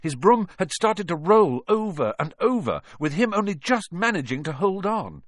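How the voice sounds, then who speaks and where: Male audiobook reader, dramatic and expressive, dry close recording. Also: high-pitched, no echo. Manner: dramatic, expressive reading with big swings. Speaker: audiobook narrator. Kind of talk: storybook narration.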